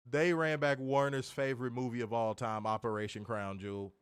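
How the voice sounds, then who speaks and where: A man co-hosting a casual review podcast, loud and profane, laughing often and swooping high when amused. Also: flat delivery, normal speed, clear, resonant tone, no echo, studio quality. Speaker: podcast co-host.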